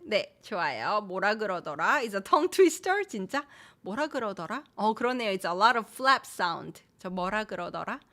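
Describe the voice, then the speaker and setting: A Korean language teacher, a woman whose first language is Korean, runs a live-streamed lesson, explaining phrases in English, mixing in Korean and repeating example phrases. She reads viewer names and comments aloud. Her medium-pitched voice is animated, racing, bright and forceful.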